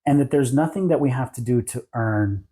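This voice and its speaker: A man's voice: medium pitch, brisk, warm tone. Reflective middle-aged male therapist. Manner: reflective, affirming, keeps checking in with "right?". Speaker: licensed therapist guest. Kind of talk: conversational interview.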